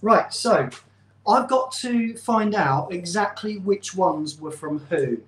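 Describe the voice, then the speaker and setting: A man's voice: high-pitched, animated, slow, fairly bright tone. A man hosting a casual live stream, chatty and rambling, often poking fun at himself. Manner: chatty, rambling, self-deprecating. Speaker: channel host. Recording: roomy echo.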